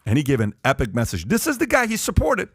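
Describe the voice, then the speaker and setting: A man's voice: on the high side, huge pitch swings, quick pace, breathy edge, no room sound, clean studio sound. A man hosting a podcast panel, talking emphatically and firing rhetorical questions at the group. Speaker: podcast host. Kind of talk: animated podcast talk.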